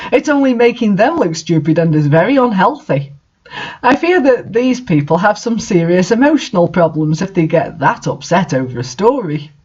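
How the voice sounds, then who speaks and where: A reader giving a mock-dramatic reading of an author's note, theatrical, with sudden shouted outbursts. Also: mid-range voice, slightly rough, dull audio. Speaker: reader of fan fiction.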